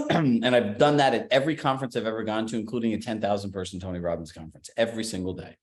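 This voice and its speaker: A man's voice: fairly low pitch, quick pace, roomy sound. A man giving a coaching seminar talk to real estate agents in an emphatic, conversational way. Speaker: business coach.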